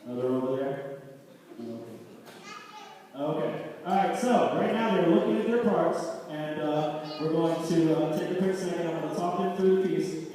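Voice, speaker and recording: A man directing a school band speaks to a concert audience, pausing to count and sing rhythms aloud as he gives instructions. His voice is fairly high and mellow. It rings through a big reverberant hall, heard from a distance. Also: a little hiss or hum. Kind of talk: addressing a concert audience, talking a band through sight reading. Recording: echoey hall recording from far off.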